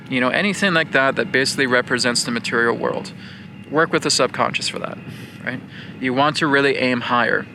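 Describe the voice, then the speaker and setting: A man of medium pitch teaches an earnest spiritual lesson, circling back over his points and frequently checking that listeners are with him. Background noise is audible in the clip.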